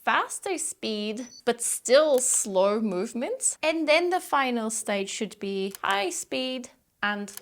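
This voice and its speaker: A woman who grew up speaking Turkish teaches an online pronunciation lesson, saying each drill word slowly and carefully twice over. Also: on the high side, big pitch swings.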